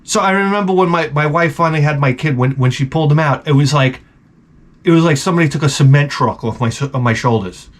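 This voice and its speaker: A fairly high-voiced man rants through his advice, blunt, exasperated and full of swearing. He rambles and circles back on himself, a little tipsy from the beer, in a loose comedic vlog style. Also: quick pace. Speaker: advice vlogger answering viewer questions.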